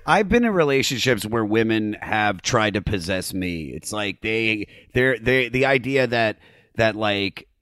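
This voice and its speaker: A man's voice: fairly low pitch, animated, unhurried, fairly bright tone, no echo, studio quality. A man hosting a podcast, chatting in a laid-back way and swearing casually. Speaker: podcast host.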